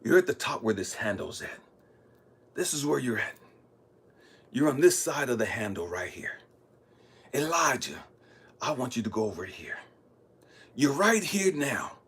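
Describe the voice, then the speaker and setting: A man voicing God as a calm, patient, guiding divine voice, speaking in a hushed, gentle, instructive way. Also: medium pitch, normal speed, long pauses, breathy edge, pitched below the performer's own voice, full character voice.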